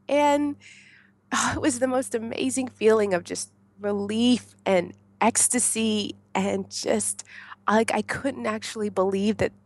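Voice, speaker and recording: A woman from the United States, a podcast guest, tells her story in a casual, animated way. She laughs often and acts out what she shouted back then. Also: a little high, dry recording.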